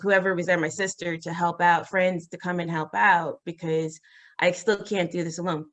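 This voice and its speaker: A woman as an interview guest, telling a personal story in a halting, earnest way with many fillers and restarts. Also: a bit bright. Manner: acts out quoted voices, rising high.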